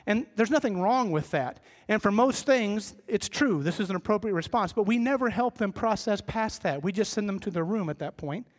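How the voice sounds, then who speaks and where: A middle-aged man preaching a sermon as pastor, conversational and self-deprecating, acting out the voices of the people he describes. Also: high-pitched. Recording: reverberant church hall.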